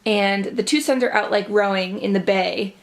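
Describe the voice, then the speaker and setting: A woman's voice: mid-range voice, moderate pace. A young woman chatting casually in a reading vlog, gushing and swearing lightly, with lots of "like" in her talk. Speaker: book vlogger. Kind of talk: casual chat.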